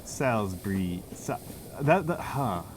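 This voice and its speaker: A man's voice: on the low side, expressive, slow, background noise. An American man chatting casually with viewers on a stream, rambling and self-deprecating, with many restarts. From United States. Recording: music playing behind the voice. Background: music.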